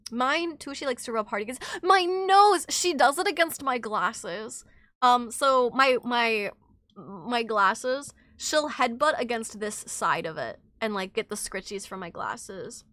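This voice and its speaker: High, bubbly streamer woman. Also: a little slow, no room sound. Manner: excitable and giggly, swears freely, reads chat aloud. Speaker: livestreamer chatting with her chat. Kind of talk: casual livestream chat.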